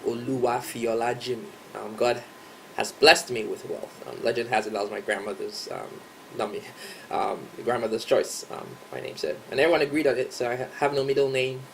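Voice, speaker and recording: A young Nigerian man with a Nigerian accent, chatting casually in a vlog, relaxed and rambling with lots of ums. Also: medium pitch, fairly quick, creaky, a little hiss or hum. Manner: relaxed and rambling, many ums and you-knows. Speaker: vlogger. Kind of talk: casual tag video chat.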